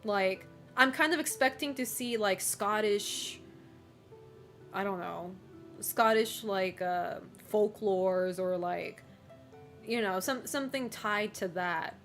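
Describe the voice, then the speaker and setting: A woman's voice: medium pitch, takes it slowly, a bit bright, faint music behind. A woman streamer chatting casually with her viewers, rambling with lots of fillers and giggling often.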